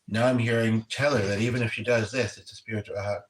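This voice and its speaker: Earnest, rambling man, medium-pitched, off-mic in an echoey home room with faint background noise. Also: fairly even intonation, quick pace. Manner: rambling, self-interrupting, earnest. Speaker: spiritual medium relaying messages. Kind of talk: casual livestream chat. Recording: roomy echo, distant from mic, faint noise.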